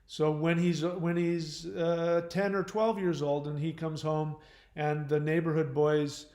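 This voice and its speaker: A man's voice: on the high side, little pitch movement, measured pace, darkish tone. Man talking casually in an echoey room. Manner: rambling, with frequent restarts and fillers. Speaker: host. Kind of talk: casual livestream talk.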